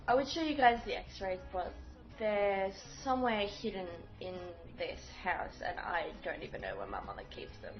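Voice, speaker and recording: Chatty young woman vlogging. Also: mid-range voice. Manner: chatty, rambling with fillers and acted-out quotes. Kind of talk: casual storytelling to camera. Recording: dull lo-fi audio with faint music.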